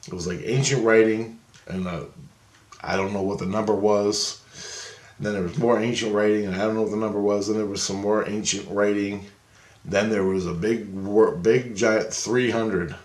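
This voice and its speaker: Guy with a lowish voice rambling thru a story, lots of restarts, echoey room. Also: steady tone, normal speed, darkish tone. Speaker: vlogger. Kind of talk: casual storytelling monologue.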